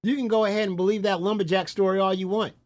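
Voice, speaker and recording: A man's voice: high-pitched, fairly even intonation, fast. A man commentating on a stream, reacting to clips with scornful, profane disbelief.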